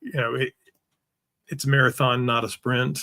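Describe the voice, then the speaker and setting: A middle-aged man co-hosting a live stream in a relaxed, rambling way, reading out viewer comments. His middle-pitched voice has a lot of gravelly fry in it. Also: normal speed. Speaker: co-host of a weight-loss livestream. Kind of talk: casual live-stream chat.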